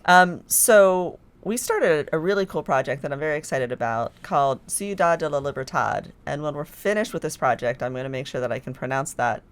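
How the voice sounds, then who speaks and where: A woman's voice: deep voice, animated, brisk, hardly any pauses, clear, resonant tone. A woman guest on a podcast, talking in a chatty, enthusiastic way with many fillers. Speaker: podcast guest, filmmaker staff. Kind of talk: casual chat.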